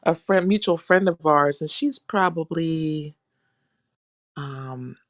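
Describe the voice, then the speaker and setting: A woman in her fifties with a somewhat low voice, recorded close and dry with no room around it. She chats casually over a video call and tells a funny family story, laughing often between her words. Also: takes it slowly, no room sound. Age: 50s.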